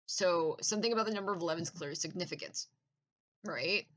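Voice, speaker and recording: Bright-voiced woman ranting intensely. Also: on the low side, fast, rough recording. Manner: profane, intense, laughing asides. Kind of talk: casual conspiracy rant.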